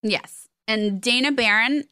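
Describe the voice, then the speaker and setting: A middle-aged woman co-hosting a casual chat, animated and exclamatory, stretching words for emphasis. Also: a little high, smooth, no echo, clean studio sound. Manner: animated, exclamatory, with drawn-out stresses. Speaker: podcast co-host.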